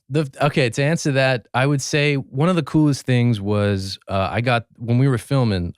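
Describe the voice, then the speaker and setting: A man in his twenties, a podcast guest, telling relaxed anecdotes full of fillers and restarts. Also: medium pitch, clean tone, no echo, studio quality. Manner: relaxed, anecdotal, many fillers and self-corrections. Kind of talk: casual storytelling chat.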